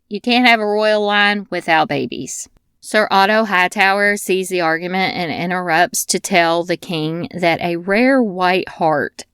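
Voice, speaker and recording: A woman's voice: medium pitch, a bit bright, clean tone, no echo, studio quality. A woman hosting a scripted TV episode recap, dropping wry, blunt asides and casual swearing. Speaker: TV recap host.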